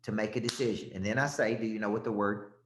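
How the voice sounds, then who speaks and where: A man's voice: fairly low pitch, steady tone, fast, a little hiss or hum. A middle-aged man from Tennessee, coaching a live audience on sales closes in a punchy, emphatic way, checking in often with "okay?". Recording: echoey room.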